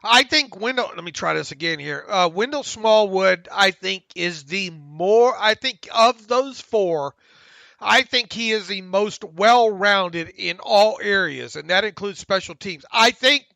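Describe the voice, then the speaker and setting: A man hosting a sports podcast, his voice pitched high with a crackly, gravelly texture. He sounds bright and sharp, recorded close and dry with no room sound. He chats casually and opinionatedly, restarting his sentences often. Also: no echo. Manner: halting, opinionated, self-deprecating. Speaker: podcast host.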